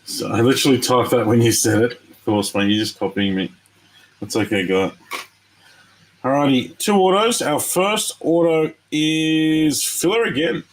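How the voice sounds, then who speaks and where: A man's voice: mid-range voice, unhurried, poor audio. A man from Australia hosting a live trading card break, chatting casually with viewers and reacting to each pull. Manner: chatty, excitable, talks to viewers. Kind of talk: casual live-stream commentary.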